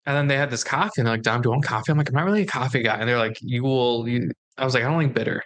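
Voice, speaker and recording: A young man with a bright, forceful voice, chatting casually on a podcast. He tells stories with animation and slips into the voices of the people he quotes. His voice sits at an ordinary pitch for a man. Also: rapid-fire. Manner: animated storyteller acting out quoted dialogue. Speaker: podcast co-host. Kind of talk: casual chat.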